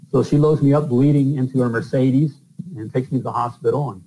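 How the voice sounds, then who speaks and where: A man's voice: mid-range voice, steady tone, fast talker, dark tone, slight background noise, low-quality recording. A middle-aged man from the northern US, a plumber and podcast host, telling stories in a loose, rambling way with lots of fillers. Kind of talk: casual storytelling interview.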